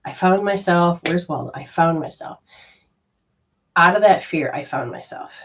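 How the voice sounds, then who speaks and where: A woman's voice: on the low side, moderate pace, distant mic, slight background noise. A woman telling a personal story in a talk, acting out the quoted dialogue in a chatty way. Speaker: spiritual healer giving a talk.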